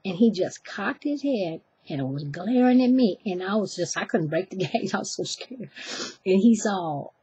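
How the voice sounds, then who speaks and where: Husky woman telling a story. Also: medium pitch, moderate pace, no echo. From Oakland, California. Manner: chatty, animated, acts out voices, self-deprecating asides. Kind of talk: live personal storytelling.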